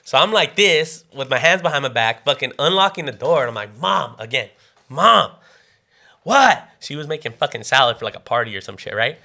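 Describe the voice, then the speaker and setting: Co-host, man, bright edgy voice, swears a lot, acts out every quote. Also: mid-range voice, fast, few pauses. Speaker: podcast co-host. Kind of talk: casual storytelling.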